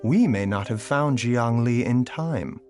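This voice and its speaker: A composed, curious doctor who speaks with measured, softly amused calm, voiced by a man. His pitch moves in lively swings across each line. Faint game music plays behind him. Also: close to an everyday voice. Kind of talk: game voice acting.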